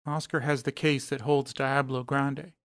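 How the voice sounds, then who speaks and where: A man reading an action story aloud as narrator, in a steady, even delivery. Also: mid-range voice, a little slow, no echo, clean studio sound.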